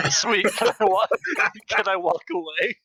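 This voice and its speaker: A man's voice: sits high, takes it slowly, pushed and bright, slightly rough, no echo, rough recording. A man playing a tabletop game in a laid-back, amused way. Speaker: player. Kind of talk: casual tabletop play.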